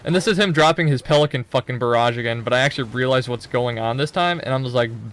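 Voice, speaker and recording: A man's voice: medium pitch, fast talker, hardly any pauses, a bit bright. A young man giving loose, profane, rambling commentary over his own gameplay footage, full of joking asides.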